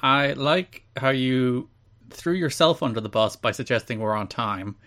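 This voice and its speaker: Male podcast host, mid-pitched, boastful and ribbing in casual chat. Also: unhurried, fairly bright tone. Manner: boastful, teasing.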